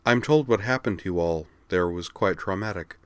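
A man with a low, slightly bright voice and a clear, resonant tone reads at a moderate pace, with no echo. In this audiobook, he plays an adult woman school counselor who is prim, polite, and formal, asks probing, prying questions, and is easily flustered.

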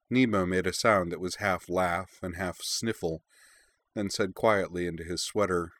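A man narrating a story in an even, unhurried reading voice. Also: sits low.

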